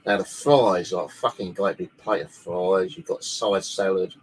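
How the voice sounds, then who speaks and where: A man's voice: deep voice, normal speed, slight background noise, low-quality recording. A man from the UK, telling a long story in a casual, rambling way and swearing freely, speaking alone in his bedroom. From United Kingdom. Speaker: paranormal channel host.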